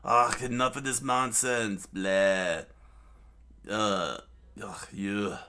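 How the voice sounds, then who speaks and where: A man's voice: lowish voice, steady tone, drawn-out words, sharp tone, clear, resonant tone, heavily acted. Man playing a smug, sneering desert villain. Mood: scornful. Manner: sneering, dismissive. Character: smug adult male desert villain, cold and scornful.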